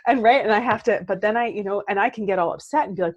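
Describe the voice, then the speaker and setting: A woman in her thirties, a therapist and coach, talking in a casual podcast chat. She is animated and keeps checking in with "right?". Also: medium pitch, fast talker, hardly any pauses, breathy edge, dull audio. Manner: animated, says "right?" often, acts out quoted outbursts.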